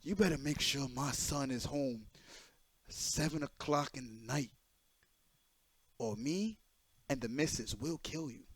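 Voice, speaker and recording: A streamer putting on a stern, protective middle-aged father who delivers a slow warning, low and quiet. The tone stays menacing. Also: breathy edge, no room sound.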